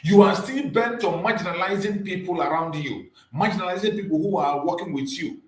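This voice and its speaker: Man, fiery rhetorical monologue, fairly high voice, repeats his questions, roomy echo. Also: fairly quick. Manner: rhetorical, repeats questions, swings between loud emphasis and quiet drops. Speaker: channel host and activist commentator. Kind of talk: impassioned political monologue.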